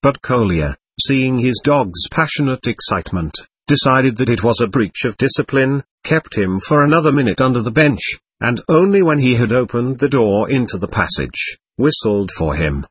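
A man narrates a classic novel in a measured, expressive way. His voice is husky and moves freely up and down in pitch. The recording is dry and close, with no room echo. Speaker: audiobook narrator. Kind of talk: scripted narration.

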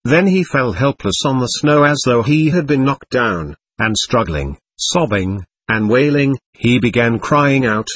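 A man narrating a novel as an audiobook, reading in an expressive, lively way. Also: mid-range voice, a little slow, few pauses, no room sound.

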